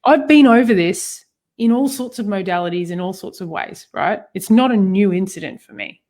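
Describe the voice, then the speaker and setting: A woman's voice: mid-range voice, moderate pace. Chatty woman laughing through a story. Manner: animated storytelling, laughs often, frequent fillers. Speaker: co-host. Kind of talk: personal conversation about healing.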